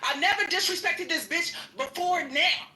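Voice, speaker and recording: Woman cursing everyone out, high bright voice, echoey room. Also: moderate pace. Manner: profane, combative, yelling insults. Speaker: participant in an audio chat room argument. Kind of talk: heated argument. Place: home gym.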